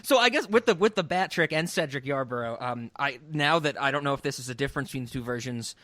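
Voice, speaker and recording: A man's voice: medium pitch, lively intonation, fast talker, sharp tone, dry recording. Chatty male podcast host, dry close sound. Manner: chatty, laughs a lot, many fillers and restarts. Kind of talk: casual chat.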